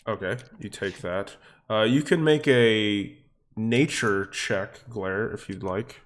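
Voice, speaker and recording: A man narrating as game master for a tabletop game, relaxed and full of fillers. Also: fairly low pitch, takes it slowly.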